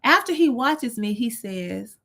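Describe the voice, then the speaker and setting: A woman hosting a talk show, telling a personal story in an animated, expressive way. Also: a little high, a little slow, creaky. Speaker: host.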